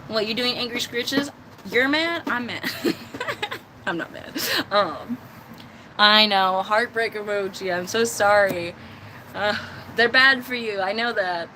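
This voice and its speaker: A woman's voice: mid-range voice, slow pace, long pauses, pushed and bright, a little hiss or hum. An American woman chatting casually on a live stream from an outdoor cat enclosure, laughing easily and talking to her viewers. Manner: chatty, laughs often, baby-talks to her cats.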